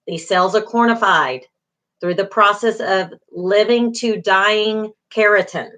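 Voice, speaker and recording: Poor audio carries the bright, forceful, medium-pitched voice of a middle-aged woman lecturing an online class without hurry. She walks through the material patiently and repetitively, stressing key terms, reassuring students, and using frequent fillers.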